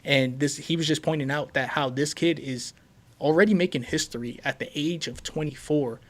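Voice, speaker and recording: On his easygoing sports podcast, a Puerto Rican host talks at normal speed in a higher male voice. His excitement shows in frequent stumbles, repeated words, and filler-heavy speech.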